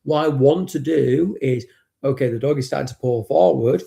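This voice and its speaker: A man's voice: medium pitch, normal speed, gravelly, dark tone. A man hosting a live stream as a dog trainer. He talks casually and bluntly, swears now and then, and greets chat viewers by name.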